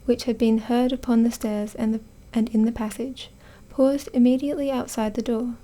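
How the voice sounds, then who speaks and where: A young Australian woman in soft whispered audiobook narration, reading carefully with small stumbles. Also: a little high, fairly even intonation, normal speed.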